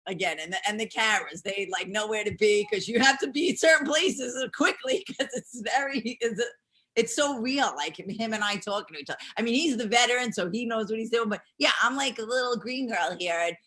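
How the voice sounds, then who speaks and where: A woman's voice: a little high, brisk, sharp tone. A woman being interviewed, chatting in a bubbly, rambling way and laughing often. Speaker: interview guest, pro wrestler. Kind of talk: casual interview chat.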